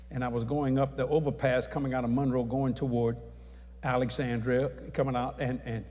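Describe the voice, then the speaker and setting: A man telling a testimony story as an evangelist, acting out the people in it and raising his voice at the high points. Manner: animated, acts out dialogue, shouts at climaxes. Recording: long hall reverb.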